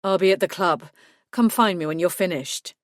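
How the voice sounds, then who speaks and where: A woman voicing a smooth, caring male vampire in an audiobook, speaking with a soft purr. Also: on the low side, moderate pace, dry recording, studio quality, natural voice. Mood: tender. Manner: purring, soft.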